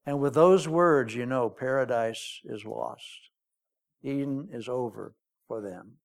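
A man's voice: mid-range voice, slow pace. A man preaching a sermon, telling the story in a folksy, joking way.

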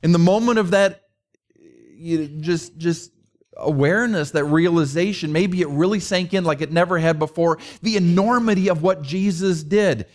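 Middle-aged pastor guy preaching, chatty, tells stories, lots of questions, kinda high voice. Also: moderate pace. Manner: conversational preaching with anecdotes; repetitive rhetorical questions. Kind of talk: sermon.

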